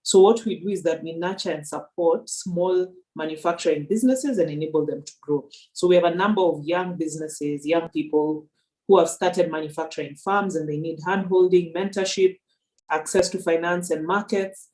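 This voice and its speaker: A woman's voice: fairly low pitch, normal speed, warm tone. A woman from Kenya, a livestream guest, answering a question in a structured, composed way.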